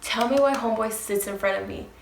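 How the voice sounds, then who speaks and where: A young woman telling a storytime to her viewers, casual and animated, with frequent swearing and asides to the audience. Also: fairly high pitch, fast, creaky, reverberant, a little hiss or hum. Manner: animated, profane, talks straight to viewers. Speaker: storytime vlogger.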